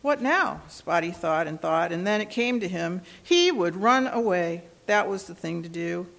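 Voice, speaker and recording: A woman reading a children's storybook aloud in a gentle, expressive way. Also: on the low side, moderate pace, creaky.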